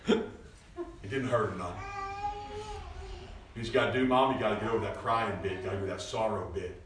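A man preaching a lively sermon, animated and prone to loud bursts and mimicking people, recorded in a church hall from a distance. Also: on the low side, quick pace, long pauses, crowd noise. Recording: echoey church, mic at a distance.

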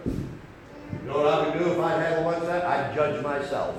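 A man preaching a sermon, folksy and conversational, swinging between loud emphasis and soft asides. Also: on the high side, steady tone, normal speed, echoey room, background noise.

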